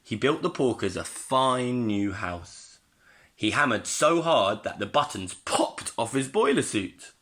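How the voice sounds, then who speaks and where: A male primary school teacher reading a storybook aloud to his pupils in an expressive way. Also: medium pitch, a little slow.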